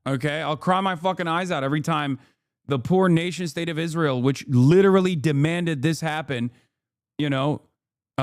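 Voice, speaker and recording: A man's voice: fairly high pitch, dry recording, clean studio sound. A man doing live stream commentary, sarcastic and profane, rising into angry rants.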